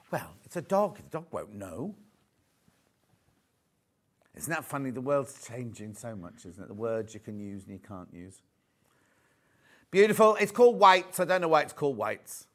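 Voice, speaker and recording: A man's voice: mid-range voice, big pitch swings, moderate pace, pauses often, fairly bright tone. A man presenting a live shopping channel show from a studio, chatty and jokey, selling fabrics and reading out viewer messages. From United Kingdom.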